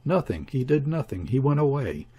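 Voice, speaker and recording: A man's voice: mid-range voice, big pitch swings, normal speed, dark tone, slightly rough. A man reading the part of a desperate, grieving woman in an audiobook, speaking in a listless, weary, murmuring way.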